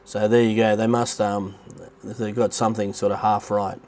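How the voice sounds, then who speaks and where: A man's voice: on the low side, level tone, moderate pace, darkish tone. A middle-aged Australian man hosting a casual livestream, chatty and rambling, with a blocked nose that makes him sound nasal. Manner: rambling, chatty, greets viewers by name. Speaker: livestream host. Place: rented apartment near the beach in Thailand.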